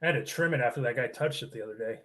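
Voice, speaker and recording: A man's voice: mid-range voice, very fast, a bit bright. A man, a guest on a casual podcast, telling a rambling story and acting mock-offended, swearing a lot. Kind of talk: casual banter.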